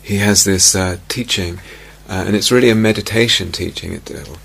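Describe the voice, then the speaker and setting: A man giving a meditation teaching in a reflective, unhurried way, softly repeating key phrases. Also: deep voice, gravelly, husky. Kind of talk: dharma talk. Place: retreat meditation hall.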